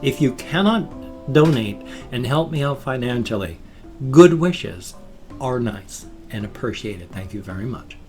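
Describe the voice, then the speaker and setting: An older man chats casually in a rambling, homespun way, his voice sitting at an ordinary middle pitch. He often lets the ends of his sentences drop off softly. A faint bit of music plays quietly behind him. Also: expressive, unhurried. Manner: rambling, folksy, trailing off softly at line ends. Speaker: vlogger. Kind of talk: casual vlog monologue.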